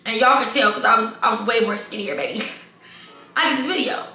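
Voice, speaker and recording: A young adult woman telling a casual storytime vlog, animated and talking straight to her viewers as y'all and baby. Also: fairly high pitch, fairly quick, reverberant, faint music behind. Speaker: storytime vlogger.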